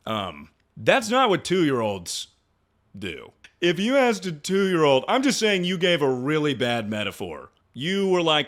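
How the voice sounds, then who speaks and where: A man's voice: fairly high pitch, sing-song, unhurried, fairly bright tone. A young man streaming, riffing on viewer stories in crude, rambling casual chat. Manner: rambling, joking, trails off into mumbles.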